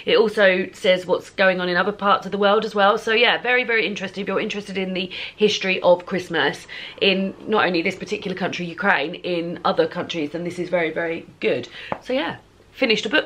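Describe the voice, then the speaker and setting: A chatty woman talks through her day in a relaxed home book vlog. Her voice sits a little low, and she wanders between thoughts with frequent ums. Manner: chatty and rambling, with many ums. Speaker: book vlogger. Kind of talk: casual vlog chat.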